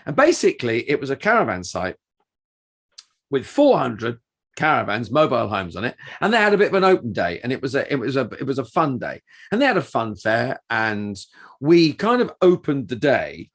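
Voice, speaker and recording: Lively man telling a story. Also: medium pitch, moderate pace. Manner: animated storytelling with restarts. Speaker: podcast co-host and touring performer. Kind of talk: casual podcast chat.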